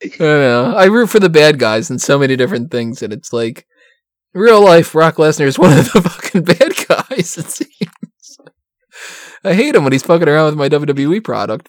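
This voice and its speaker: A man's voice: fairly high pitch, no room sound, clean studio sound. A man in casual wrestling podcast chat, rambling and profane, laughing often.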